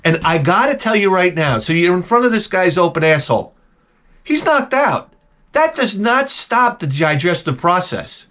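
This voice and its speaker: A middle-aged man rants through comic stories in a high voice with wild swings in pitch. He exaggerates everything, swears freely and piles up complaints with loud disbelief. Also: normal speed. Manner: animated, profane, exaggerated complaining. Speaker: comedic host. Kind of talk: comedic storytelling rant.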